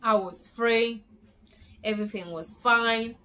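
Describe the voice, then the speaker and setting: A young woman vlogger telling a personal story at home, casual and animated, repeating words for emphasis. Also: a little high, slow.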